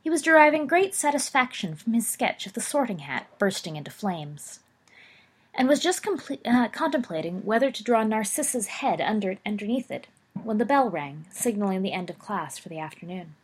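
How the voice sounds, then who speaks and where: A woman narrating a story aloud, expressive with occasional slips and self-corrections. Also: medium pitch, normal speed, slightly rough. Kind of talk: audiobook narration of fan fiction.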